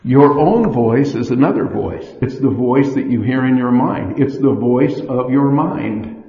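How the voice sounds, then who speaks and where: A man giving a sermon, measured and storytelling, acting out the inner voices he describes. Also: mid-range voice. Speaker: church speaker. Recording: echoey hall, dull lo-fi sound.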